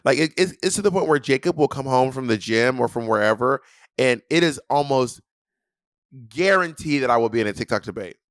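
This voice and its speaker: Sassy, animated young man. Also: medium pitch, fairly quick, no echo, studio quality. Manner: animated storytelling, sassy, acts out quotes. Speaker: podcast co-host. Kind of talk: casual chat.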